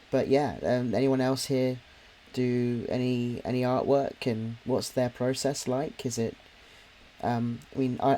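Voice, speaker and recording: A man's voice: medium pitch, warm tone, slight background noise. Rambling man with a slight Cockney accent. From near London, England. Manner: rambling, many fillers and restarts. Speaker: stream co-host and podcast writer. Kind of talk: casual chat on a live drawing stream.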